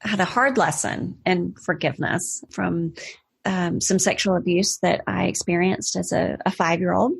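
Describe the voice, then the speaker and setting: A woman's voice: lowish voice, normal speed, creaky, breathy edge. A woman in her forties, a podcast guest, talking in an earnest, reflective way in a casual interview conversation. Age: 40s.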